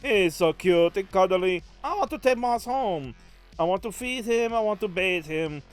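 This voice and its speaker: A man putting on the voice of a self-pitying male gamer, grumbling loudly about his bad luck. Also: lively intonation, normal speed, faint music behind. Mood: boastful. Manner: high, loud mock-whining, calls the host Monsieur.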